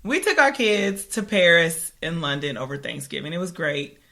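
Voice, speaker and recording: Animated, laughing woman storyteller. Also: fairly low pitch, moderate pace, gravelly. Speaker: podcast co-host. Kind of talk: casual chat.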